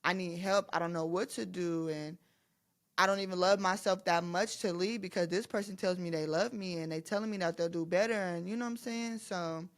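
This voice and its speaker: Young woman, podcast host, candid personal storytelling, fairly low voice. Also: fairly even intonation, fairly quick. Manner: candid, conversational, addresses listeners as y'all.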